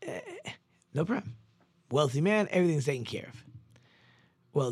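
Husky rabbi telling a lively story. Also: male voice, mid-range voice, dry recording. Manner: animated storyteller acting out characters' lines. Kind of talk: sermon storytelling.

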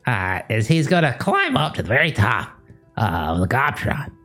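A woman narrates her goblin's antics at a game table, hesitant fillers breaking up her story. Her voice is low yet swoops far up and down, and faint music plays behind. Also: normal speed. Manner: animated, with hesitant fillers and sudden cries. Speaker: player.

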